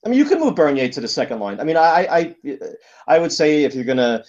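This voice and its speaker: A man's voice: on the high side, very animated, quick pace, lo-fi sound, a crowd in the background. A man co-hosting a casual sports talk show, blunt and emphatic, with lots of fillers and restarts. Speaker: sports podcast co-host.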